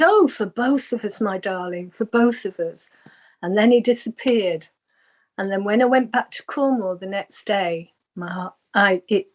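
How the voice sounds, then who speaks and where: A woman's voice: a little high, darkish tone. A woman, a guest on an interview show, earnestly telling a personal spiritual story and acting out the voices she quotes.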